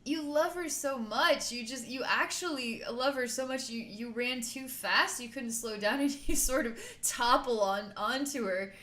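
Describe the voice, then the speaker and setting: A woman's voice: on the high side, a little slow, few pauses, sharp tone, roomy sound. A woman working as a psychic healer, guiding a distance healing session in an effusive, giggly, rambling way.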